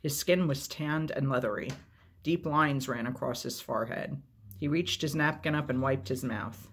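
A man reads a novel aloud as a storyteller, in a steady, measured, unhurried way. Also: mid-range voice, husky.

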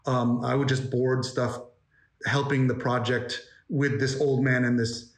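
A man's voice: mid-range voice, little pitch movement, a little slow, echoey room. A man, a guest animator, chatting casually in an interview, rambling with lots of fillers and restarts. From New York.

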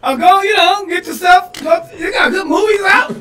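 A man from Detroit, a comedian co-hosting a podcast, riffing loudly and laughing through his punchlines. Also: very high voice, normal speed. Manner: animated, laughing, yelling punchlines. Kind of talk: loose comedic banter. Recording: echoey room, mic at a distance, faint noise.

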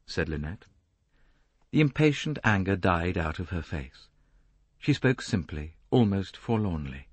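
A man narrating an audiobook in a calm, unhurried, understated manner. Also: sits low, husky, no echo. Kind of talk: scripted narration.

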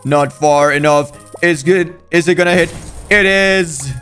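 An excited young man talks through his gameplay, his voice sitting a little high and jumping up whenever a shot looks good. He cheers, pleads and groans at the screen, and faint music plays under him. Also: unhurried, clean tone. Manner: hyped, jumpy, talks to the game and its pets. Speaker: gaming video creator.

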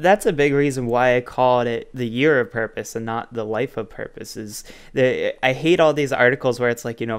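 A man's voice: medium pitch, smooth. A man hosting a podcast, chatting casually with his guest and laughing along with him. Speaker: podcast host. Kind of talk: casual interview talk.

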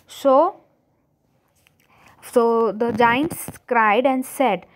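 A woman teacher reads a children's story aloud and explains it. Her voice sits a little high, and she moves very slowly, stumbling and rephrasing as she goes. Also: a little hiss or hum. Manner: slow, halting reading with frequent restarts and rephrasing.

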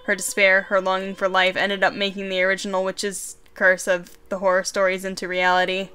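A woman's voice: medium pitch, completely flat delivery, fairly quick, bright, forceful tone, clear, resonant tone, soft background music, natural voice. A woman reading as a solemn sealed wizard. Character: remorseful male wizard sealed in a box, solemn.

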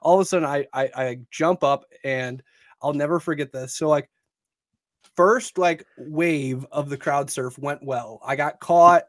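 A man's voice: on the high side, measured pace, dry recording. Rambling, swearing young male podcast host. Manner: rambling, profane storytelling. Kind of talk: casual chat.

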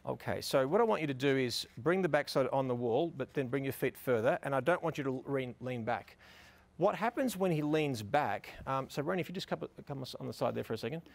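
A man's voice: mid-range voice, expressive, a little fast, vocal fry. A middle-aged man teaching photography outdoors beside a building, directing a couple with upbeat, coaxing praise. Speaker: photography instructor. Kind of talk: on-location teaching, directing models.

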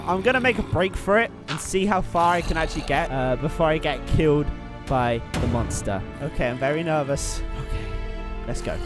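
A young man, a gaming YouTuber, giving nervous horror-game commentary, muttering anxiously and bursting into yelps and screams. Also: sits high.

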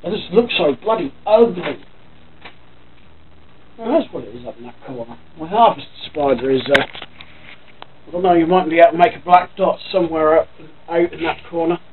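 A chatty man with a broad Norfolk accent, talking at home by his computer in a rambling, offhand way and swearing casually as he goes. His voice sits a little high for a man. The sound is thin and tinny, with a faint hiss behind it. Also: animated, brisk. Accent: Norfolk English. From Norfolk, England. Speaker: vlogger. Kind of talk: casual vlog chat.

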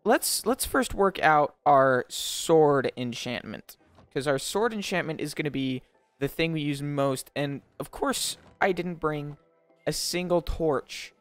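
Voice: mid-range voice, takes it slowly, no room sound, faint music behind. A young adult host giving gameplay commentary, jokey and melodramatic, laughing often and breaking into panicked shrieks when startled. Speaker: Minecraft let's-play host.

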